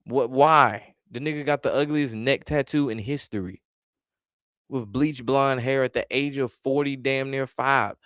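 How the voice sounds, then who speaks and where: A man's voice: medium pitch, steady tone, measured pace, fairly bright tone, clear, resonant tone, dry recording, clean studio sound. A man ranting bluntly in a casual vlog, exasperated and swearing freely as he reacts to his chat. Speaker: wrestling commentary vlogger.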